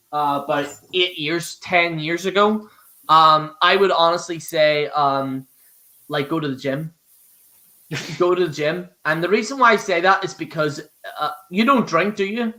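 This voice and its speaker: A young Irish man hosting a live show, his voice bright and a touch high. He rambles in loose, casual chat, swearing freely and restarting his sentences often. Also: moderate pace. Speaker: host.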